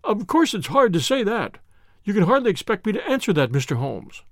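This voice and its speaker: A man's voice: high-pitched, big pitch swings, fairly quick, no echo, clean studio sound. A man voicing a frightened, nervous middle-aged man with a reedy, quivering voice in an audiobook. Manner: panicky, pleading, nervous.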